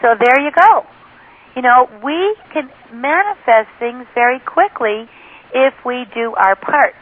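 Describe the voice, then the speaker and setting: A woman's voice: sits high, unhurried. Woman on a tinny phone line. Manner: enthusiastic storytelling, quotes others often. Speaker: author and spiritual teacher. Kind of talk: phone interview, teaching talk.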